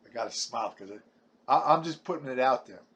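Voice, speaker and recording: A man's voice: medium pitch, lively intonation, fast, a bit bright, highs cut off. A man, delivering a blunt, combative ranting monologue full of stumbling restarts. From Brooklyn, New York. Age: 70s. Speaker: vlogger.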